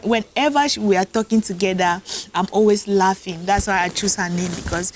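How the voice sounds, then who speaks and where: Animated woman telling stories. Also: mid-range voice, brisk, a little hiss or hum, rough recording. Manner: animated storytelling, often laughing. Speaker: actress and producer, interview guest. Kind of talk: casual interview chat.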